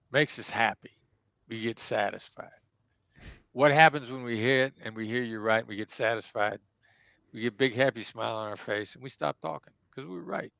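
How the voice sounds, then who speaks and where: A man's voice: mid-range voice, vocal fry, fairly bright tone, dry recording, dull audio. A man, a negotiation expert, answering interview questions and acting out sample dialogue to make his points. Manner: emphatic, acts out example dialogue.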